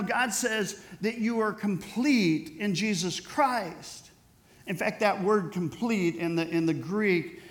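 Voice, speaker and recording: A man preaching a sermon as pastor, emphatic and repetitive, building intensity on key phrases. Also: a little high. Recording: echoey church hall.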